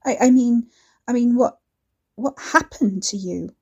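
A woman's voice: on the high side, unhurried, dull audio, voice pushed up. A woman voicing a frightened, furious young woman who stammers with tension, in a storybook reading. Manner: stammering, tense.

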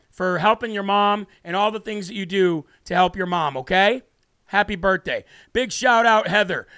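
A man's voice: high-pitched, bright, forceful tone, smooth, no room sound, studio quality. A man hosting a live political talk show, brash and combative, with mocking asides to viewers. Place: home studio.

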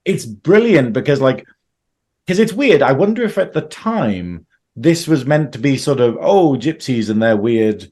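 Male co-host, lively, swears freely, acts out quotes. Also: fairly high pitch, normal speed. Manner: animated, swears, acts out quotes in silly voices. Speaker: podcast co-host. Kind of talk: casual chat.

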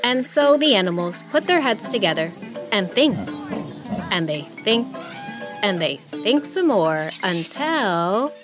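A woman narrating a scripted children's story in an expressive, animated way. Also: medium pitch, slow. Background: music.

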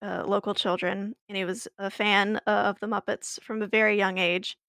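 Podcast co-host, woman, storytelling in casual chat, dry close sound, mid pitch. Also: level tone, moderate pace, a bit bright, smooth, dry recording. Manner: chatty, laughing, many fillers and restarts.

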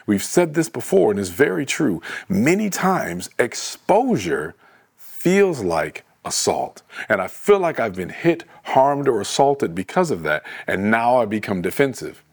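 A man preaching a sermon in a conversational, animated way, often restarting his words. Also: mid-range voice, unhurried, creaky.

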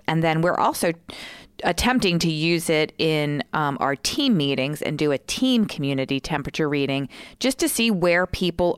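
A woman in her forties, a co-host explaining a communication tool in a measured, casual way with many fillers. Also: low-pitched, clear, resonant tone, no echo. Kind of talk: explaining casually with role-play examples.

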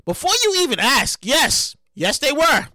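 A man talking in a loose comedic monologue, his voice high and bright with a pitch that leaps all over the place. He swears freely, stumbles and restarts his sentences, and bursts into loud sing-song exclamations. The recording is close and dry. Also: big pitch swings, measured pace, dry recording. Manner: stammers and restarts often. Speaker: show host.

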